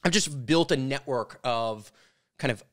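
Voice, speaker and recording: A man's voice: mid-range voice, measured pace, fairly bright tone. A man hosting a podcast in a studio, asking long, rambling questions with many restarts. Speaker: podcast host. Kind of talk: casual podcast interview.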